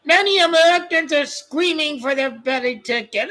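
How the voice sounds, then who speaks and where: A man hosting a live watch-along of a football match, shouting and groaning at the play in a blunt, mocking way and repeating himself. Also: very high-pitched, normal speed, hardly any pauses.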